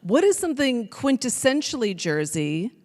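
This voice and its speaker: A woman moderating a panel interview on stage, asking relaxed questions and reading out audience questions. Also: a little high, normal speed. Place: stage panel in a large auditorium. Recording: long hall reverb from a live stage.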